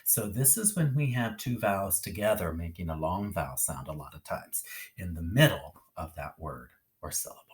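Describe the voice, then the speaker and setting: A man teaching a phonics lesson on a video, speaking in a lively sing-song teacher voice and often checking in with "okay?". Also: low-pitched, moderate pace.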